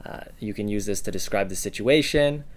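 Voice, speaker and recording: A man co-hosting a casual podcast lesson, offering example words in a relaxed way with many "uh" and "um" fillers. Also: lowish voice, brisk. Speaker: co-host giving examples.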